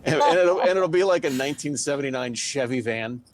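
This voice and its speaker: A man's voice: mid-range voice, lively intonation, fairly quick, slight background noise. A brash man and radio host, trading crude teasing jokes on a comedy podcast.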